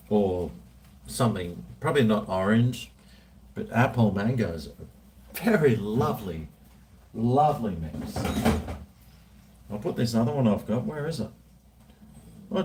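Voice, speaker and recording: A man's voice: mid-range voice, noisy background. A man, rambling and swearing freely in casual chat while drinking. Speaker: vlogger.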